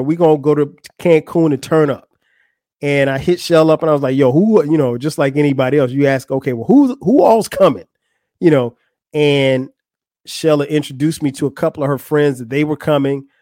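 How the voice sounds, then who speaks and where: A man's voice: medium pitch, a little mellow, no room sound, clean studio sound. A man in his forties from the United States, hosting a podcast and telling a story in loose, slangy casual talk with restarts. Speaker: podcast host.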